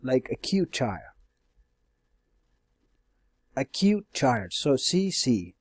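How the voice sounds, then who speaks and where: A very animated male teacher of medium pitch draws out his words while lecturing a class on stylistic devices. He goes step by step, with frequent fillers, self-corrections, and "all right?" checks, and there's no room sound.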